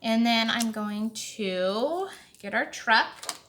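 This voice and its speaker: A woman walks through making a handmade card in an easy, chatty tutorial voice, thinking aloud as she goes. She speaks very slowly, with a bright tone. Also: fairly high pitch, animated, slight background noise. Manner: slow, chatty, thinking aloud while working. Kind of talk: casual craft tutorial talk.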